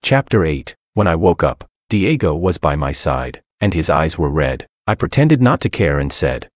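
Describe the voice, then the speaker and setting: A man with a deep, low voice narrates a first-person story in a subdued, melancholy way. His pitch rises and falls freely across the lines. The sound is dry and close, with no room around it. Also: very animated, moderate pace, hardly any pauses, no room sound.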